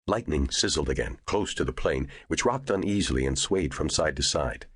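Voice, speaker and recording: A man narrating an audiobook in a measured storytelling voice. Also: rumbling low, animated, slightly rough, no room sound, clean studio sound. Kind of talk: scripted narration.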